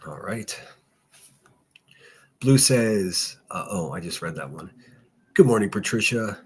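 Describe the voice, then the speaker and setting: A man's voice: sits low, animated, slow pace, darkish tone, slight background noise. A man hosting a casual solo livestream, reading chat and giving blunt, profane, rambling commentary. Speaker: livestream host.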